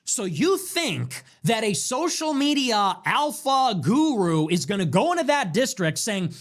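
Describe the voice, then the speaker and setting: A man in full rant mode as a political commentator, hammering his point with rhetorical questions and sarcastic jabs. His pitch swings widely, rising and dropping as he mocks and scolds, and he swears freely as he builds momentum. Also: lively intonation, measured pace, few pauses. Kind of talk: heated monologue rant.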